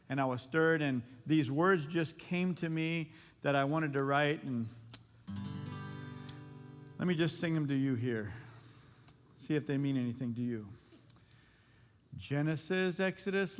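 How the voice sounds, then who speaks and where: A man's voice: on the high side, fairly bright tone, big-room sound. A man leading a church class, joking about his own playing and singing the books of the Bible along with a guitar. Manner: jokey, self-deprecating, sings along on guitar. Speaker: pastor.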